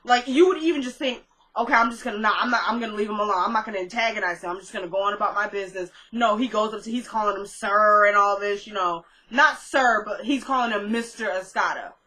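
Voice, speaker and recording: A woman's voice: mid-range voice, fast, sharp tone, low-quality recording. A woman casually recapping a TV drama episode, retelling scenes with quoted lines and her own chatty asides. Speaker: recap vlogger.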